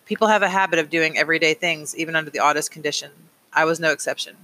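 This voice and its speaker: Bright-voiced man reading a novel. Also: a little high, steady tone, very fast, rough recording. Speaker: audiobook reader. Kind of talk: audiobook narration.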